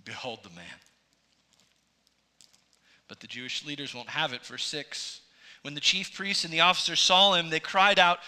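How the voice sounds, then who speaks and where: Bright-voiced man preaching a sermon. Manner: expository preaching, voice rising to emphatic peaks and dropping low. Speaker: pastor.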